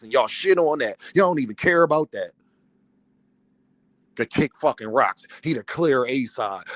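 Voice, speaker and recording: A man's voice: medium pitch, a bit bright, no echo. A man, a boxing content creator, ranting on a livestream, angry, profane and heated. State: worked up and fuming. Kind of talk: livestream rant.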